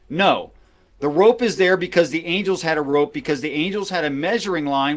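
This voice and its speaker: Assertive man explaining, higher voice. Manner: assertive, explanatory, reads passages aloud. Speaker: podcast host. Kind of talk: podcast discussion with scripture reading.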